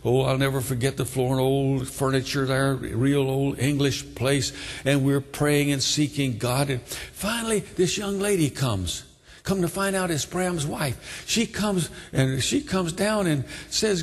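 A man's voice: on the high side, unhurried, in a large hall. A man preaching a testimony sermon, telling his story fervently and breaking in with hallelujahs. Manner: fervent, exclaims hallelujah between lines.

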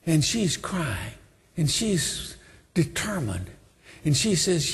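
A man's voice: on the high side, very animated, slow pace, slightly rough, big-room sound. A man preaching a sermon with emphatic, repetitive exhortation.

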